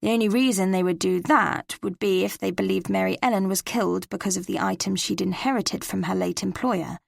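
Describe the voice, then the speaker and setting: A woman with an English accent, narrating a cozy mystery in first person with measured, crisp delivery. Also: medium pitch, no room sound, clean studio sound. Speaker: audiobook narrator.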